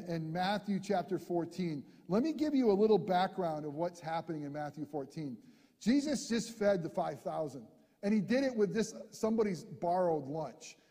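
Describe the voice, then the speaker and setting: A man preaching a sermon, telling a scripture story with lively acted-out voices and sudden drops to a hush. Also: sits high, long reverb tail. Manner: animated storyteller, acts out characters, shifts from loud to hushed. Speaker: pastor.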